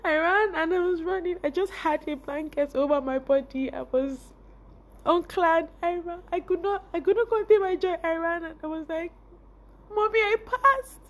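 A woman's voice: extremely high pitch, steady tone, moderate pace. A young woman with a Nigerian accent telling a personal story to her viewers, often laughing and her voice rising and breaking with emotion. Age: young adult. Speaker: vlogger.

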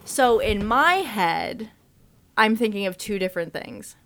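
A woman's voice: medium pitch, expressive, a little slow, fairly bright tone. Chatty young woman on a video call. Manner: chatty, playful, teasing. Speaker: game player. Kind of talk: casual chat.

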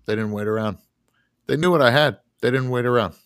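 A man's voice: medium pitch, a little fast, clear, resonant tone, dry recording, clean studio sound. A man co-hosting a podcast, telling a rambling story in a laid-back, casual way with casual swearing. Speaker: podcast co-host.

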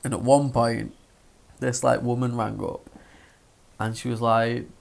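A young man, telling a story in casual chat, sweary and animated. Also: medium pitch, unhurried, creaky. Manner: sweary, animated, acts out voices in his stories.

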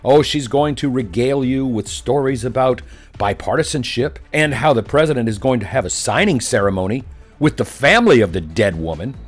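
A man hosts a commentary segment, voice pitched in the middle range. He mocks and emphasizes with heavy sarcasm. Faint music sits under his voice. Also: expressive, brisk. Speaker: commentary show host. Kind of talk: mocking political commentary.

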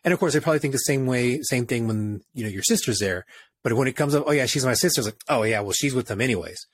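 Husky man, halting and searching for words. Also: medium pitch, expressive, dry recording, clean studio sound. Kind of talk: casual chat.

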